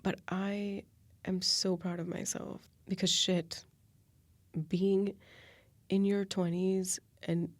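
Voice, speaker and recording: A woman in her late twenties hosting a reflective solo podcast, talking softly and confessionally and often sinking into a whisper. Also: mid-range voice, flat delivery, slow, no echo. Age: 20s. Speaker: podcast host.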